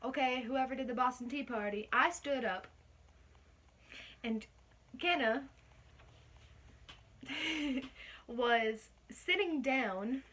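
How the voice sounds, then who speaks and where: A woman's voice: sits high, takes it slowly, pauses often, a bit bright. A young adult woman casually telling a story as a guest, chatty and often laughing.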